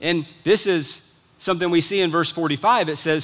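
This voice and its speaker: A male pastor with a high voice delivers a sermon in an earnest storytelling manner. He retells an old story, then turns to press its lesson on his listeners. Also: normal speed, a bit bright.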